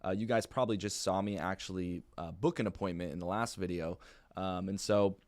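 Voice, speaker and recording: A man's voice: low voice, fairly even intonation, brisk, darkish tone. A young man teaching sales calls in a casual, plain-spoken way, with lots of fillers. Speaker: insurance sales trainer. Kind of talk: casual training talk.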